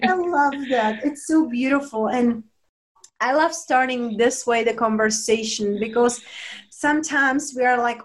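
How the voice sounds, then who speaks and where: A woman hosting a wellness conversation at home, effusive and gushing, with a phrasing. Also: fairly high pitch. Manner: warm enthusiastic, slows to soothing guided relaxation. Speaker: podcast host. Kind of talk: casual interview with guided meditation.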